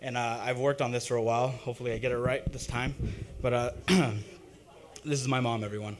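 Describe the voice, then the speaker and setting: A young man performing a halting, self-deprecating open-mic stand-up set, full of ums and uhs. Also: medium pitch, fairly even intonation. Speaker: stand-up comic. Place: open-mic comedy stage.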